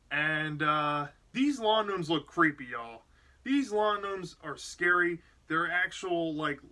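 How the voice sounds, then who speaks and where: Man reviewing a show, chatty recap, fairly high and bright voice. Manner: chatty, relaxed retelling with fillers and laughs. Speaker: episode reviewer. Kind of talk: casual spoken episode recap.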